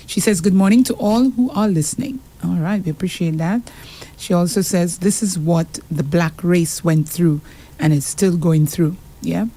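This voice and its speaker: Woman radio co-host, Saint Lucian accent, mellow lowish voice, reads messages aloud, laughs often. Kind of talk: casual radio chat.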